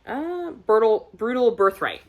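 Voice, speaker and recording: A woman's voice: a little high, very animated, unhurried, a little mellow. Gushing, chatty woman book vlogger. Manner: gushing, chatty, laughs often. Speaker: book reviewer. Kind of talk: casual book review vlog.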